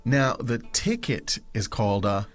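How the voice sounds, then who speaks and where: A man's voice: fairly low pitch, sing-song, a little slow, faint music behind. A man hosting a podcast language lesson, explaining step by step with many hesitations. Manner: explanatory, hesitant with fillers and restarts.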